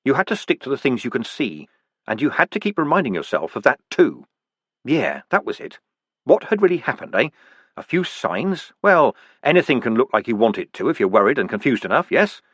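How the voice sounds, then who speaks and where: A man narrating a fantasy audiobook with a lively, wide-ranging voice and a wry, expressive touch. The sound is close and dry, with no room around him. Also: mid-range voice, brisk, no room sound.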